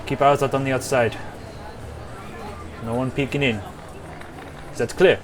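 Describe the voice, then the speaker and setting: A man's voice: medium pitch, fairly even intonation, a little slow, a crowd in the background, close to an everyday voice. A man voicing a stern, commanding male leader of toy soldiers. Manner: curt, commanding.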